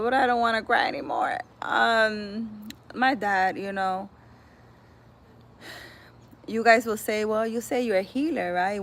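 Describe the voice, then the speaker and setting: A woman's voice: medium pitch, a bit bright, a little hiss or hum. Chatty woman livestreaming as a healer. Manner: chatty, laughs often, slips in Spanish exclamations. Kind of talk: casual livestream talk.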